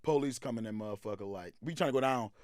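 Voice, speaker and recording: A man telling a story as a podcast guest, animated, acting out quoted lines loudly and laughing as he goes. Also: mid-range voice, fast talker, dry recording, clean studio sound. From Texas. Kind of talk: casual storytelling. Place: podcast studio.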